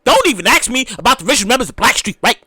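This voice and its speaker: A tipsy podcast host ranting loudly in a casual, excitable way, often shouting and restarting sentences. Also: mid-range voice, racing, slightly rough, no room sound. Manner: rambling with many restarts.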